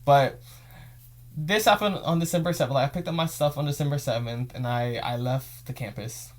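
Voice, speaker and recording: A young man hosting his own show shares an emotional story in a casual storytelling vlog, speaking at normal speed with medium pitch. He rambles and circles back to the same phrases.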